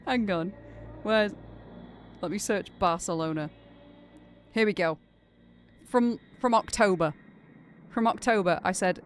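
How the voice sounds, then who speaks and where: Her lowish voice comes with background noise as she streams a game live. She's a young woman from Greater Manchester, England, chatting casually in a Northern English accent and rambling with many fillers.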